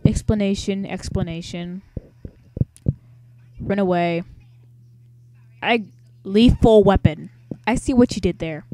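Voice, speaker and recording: A woman's voice: mid-range voice, measured pace, pauses often, warm tone, dry recording. A young woman narrating a let's play, chatty and sarcastic, rambling with singsong asides. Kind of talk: casual game commentary.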